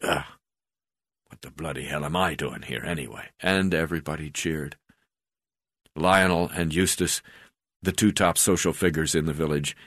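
A man reading his memoir aloud, in a halting way with frequent hesitations. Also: deep voice, fairly bright tone, no room sound, clean studio sound. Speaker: memoir narrator.

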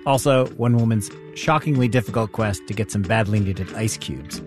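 A male radio host with a low voice introduces stories in a relaxed conversational way. He asks short, curious questions, with a faint bed of music underneath. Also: moderate pace.

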